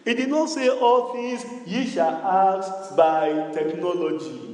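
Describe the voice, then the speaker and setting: Male pastor, high animated pitch, unhurried call-and-response sermon, church hall echo with long reverb. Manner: call-and-response preaching, repetitive, sing-song cadence.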